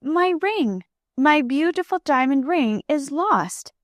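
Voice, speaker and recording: Woman voicing anxious young aunt, storybook, high, fretful, dry sound. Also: expressive, measured pace, dry recording. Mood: distressed. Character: Aunt Lou, a young woman who is worried.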